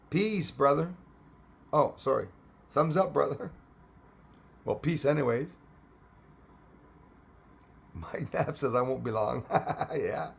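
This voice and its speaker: Slow and expressive, this middle-aged man has a husky, creaky mid-range voice and leaves long pauses. Hosting a casual live stream, he reads viewer comments aloud, chatting with frequent fillers and an occasional cough.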